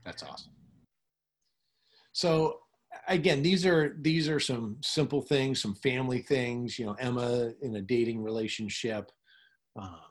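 A middle-aged male pastor preaching, breaking into effusive, enthusiastic praise as members share. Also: fairly low pitch. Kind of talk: sermon with congregation sharing.

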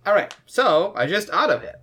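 A woman's voice: mid-range voice, very animated, moderate pace, noisy background. A woman playing a tabletop game, giggly and full of questions. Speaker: player. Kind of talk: casual game chat.

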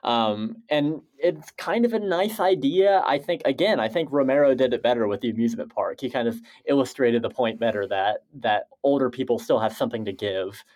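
A man's voice: medium pitch, a little fast, hardly any pauses, a little mellow. A man co-hosting a podcast, discussing films in a casual, joking way. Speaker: podcast co-host.

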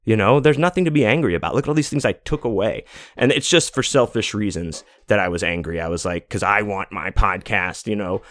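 Deep-ish guy in his 40s rambling on his podcast, lots of you know and like, dead dry mic. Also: brisk, a bit bright, dry recording. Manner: rambling, profane, many restarts and fillers. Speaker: podcast host. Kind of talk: casual monologue.

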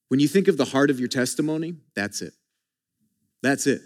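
A man's voice: mid-range voice, lively intonation, fairly quick. A man preaching a sermon as pastor, speaking conversationally and emphatically, with rhetorical questions and frequent restarts.

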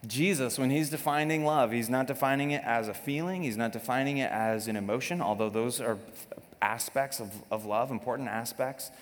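Pastor, man, 30s, lively joking sermon delivery in a church hall with long reverb. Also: medium pitch, fairly quick. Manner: animated, joking, acts out quotes.

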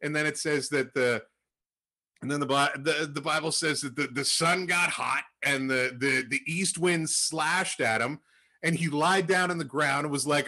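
A young man casually retelling a Bible story to a group, acting out the quotes with animated jumps in his voice. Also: normal speed. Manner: animated storytelling, acts out quotes with rising pitch. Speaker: Bible study leader.

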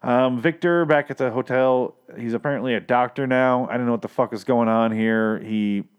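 A man's voice: medium pitch, fairly even intonation, moderate pace, clear, resonant tone, lo-fi sound. Crude rambling man recapping a show. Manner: crude, rambling, jokey asides. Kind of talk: casual comedic recap.

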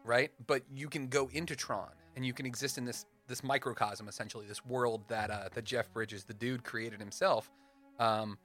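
A young man co-hosting a casual podcast, animated and playful, building up dramatic fan crossover stories. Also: mid-range voice, moderate pace, soft background music. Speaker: podcast co-host.

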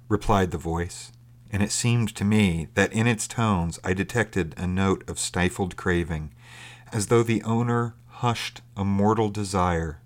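Low-voiced man reading a story. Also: a little slow. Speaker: narrator. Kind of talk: storybook narration.

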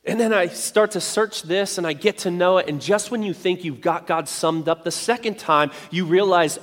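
Male pastor, fairly high voice, lively conversational sermon, long hall reverb. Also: normal speed. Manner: conversational, animated, playful asides.

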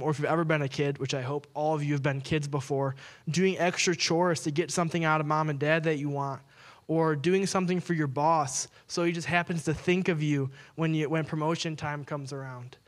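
A man's voice: on the high side, steady tone, brisk. A man in his twenties, a pastor, giving a casual sermon with playful storytelling asides. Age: 20s.

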